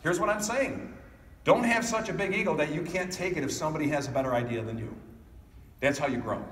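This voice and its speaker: Higher-voiced man giving a keynote in an echoey hall. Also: a little fast, a little hiss or hum. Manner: animated storytelling, addressing the audience directly. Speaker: keynote speaker. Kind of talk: motivational keynote speech. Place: conference hall. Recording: echoey hall picked up from a distance.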